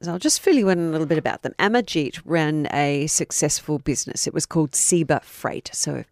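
A woman with a deep, low voice recounts a true crime case over casual podcast banter. She teases her co-host as she goes, and the sound is dry and close. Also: expressive, a little fast, dry recording. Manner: chatty, teasing, laughs easily. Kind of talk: casual storytelling chat.

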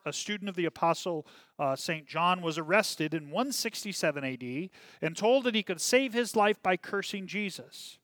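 Bright-voiced man teaching a Bible class. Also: high voice, dry recording, studio quality. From Minnesota. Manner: conversational, checks in with "okay?" often; many fillers and restarts, reads passages aloud.

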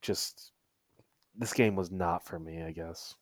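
A man chatting casually about video games. He is hesitant and trails off quietly at the ends of thoughts. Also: low-pitched, slow, dry recording. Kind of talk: casual chat.

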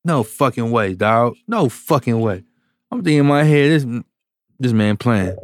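A man, a music producer, telling a story in casual chat, slangy and animated, acting out the people he quotes. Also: mid-range voice, measured pace, no echo, studio quality.

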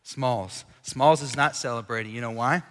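A man's voice: medium pitch, moderate pace. A man, preaching a casual, storytelling sermon to a young adult gathering. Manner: animated, chatty, audience-engaging. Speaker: college ministry preacher. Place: large church hall. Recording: long reverb in a large hall.

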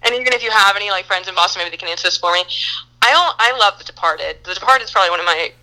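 A woman's voice: mid-range voice, very fast, bright, forceful tone, low-quality recording. A woman guest in a casual chat, talking in an enthusiastic and playful way.

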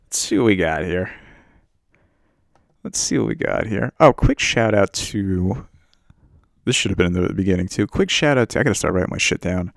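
A man's voice: lowish voice, moderate pace, long pauses, no room sound, clean studio sound. A man hosting a casual podcast, ranting about a movie in a crude, rambling and self-mocking way. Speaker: podcast host. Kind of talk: casual profane movie rant. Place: home setup while on a muted work meeting.

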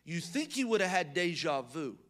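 Emphatic preacher, hushed then booming. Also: male voice, sing-song, normal speed. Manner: swings between loud emphatic bursts and hushed low reading; conversational asides and restarts. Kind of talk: sermon.

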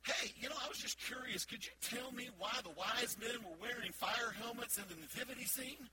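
A man's voice: extremely high pitch, fairly quick, very noisy, pitched above the performer's own voice. A man voicing a polite, puzzled traveler from the Northeast who answers hesitantly.

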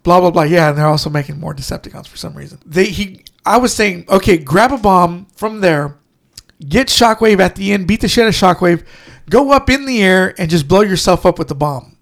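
High-pitched, gravelly man rambling. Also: animated, brisk. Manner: rambling, profane storytelling with many restarts. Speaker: podcast co-host. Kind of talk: casual chat.

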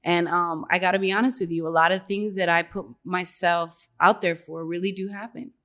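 A woman's voice: on the low side, steady tone, moderate pace, a bit bright. Female actress guest, casual chat, giggly, rambling storyteller.

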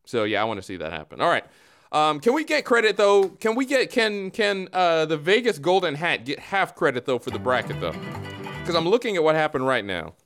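A man co-hosting a casual sports talk show, animated and incredulous. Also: fairly high pitch, brisk, soft background music. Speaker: podcast co-host.

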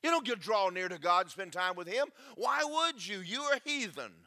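A man preaching a sermon, emphatic and preachy, swinging between loud and soft. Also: high voice, expressive, normal speed. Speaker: pastor.

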